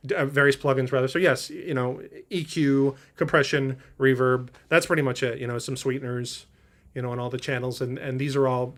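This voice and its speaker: A man hosting a drum livestream from his drum room, chatting casually and reading viewer comments, with a rambling, halting delivery through studio mics. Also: medium pitch. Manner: rambling, halting, many fillers and restarts. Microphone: studio mics through a preamp.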